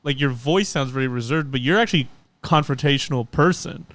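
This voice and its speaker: A man who is a regular podcast guest, talking in casual chat in a halting way and often repeating his words. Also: mid-range voice, fairly bright tone, no echo.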